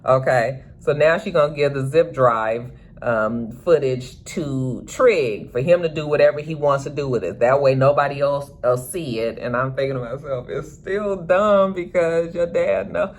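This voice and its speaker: A woman's voice: low voice, normal speed, hardly any pauses. A woman vlogger giving a casual, sassy recap of a TV episode, chatting to her viewers and slipping into character voices.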